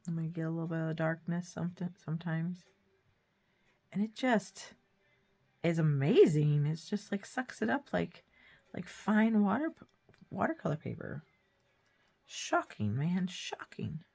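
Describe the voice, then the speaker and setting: A woman with a cold and a hoarse throat, chatting casually while she shows a painting craft. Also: fairly low pitch, moderate pace, pauses often, dark tone. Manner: chatty, rambling, self-deprecating. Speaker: craft vlogger. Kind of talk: casual painting tutorial chat.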